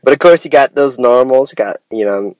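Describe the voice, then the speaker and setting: A man's voice: medium pitch, fairly quick, darkish tone, no room sound. A man from Idaho hosting a casual solo podcast, rambling with enthusiasm and calling his listeners "man" and "bro". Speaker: podcast host.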